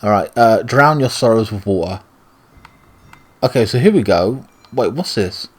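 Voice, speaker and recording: A man's voice: lowish voice, expressive, moderate pace, slightly rough. Ranting British man gaming. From Britain. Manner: ranting, profane. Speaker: gaming YouTuber. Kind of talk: let's play commentary.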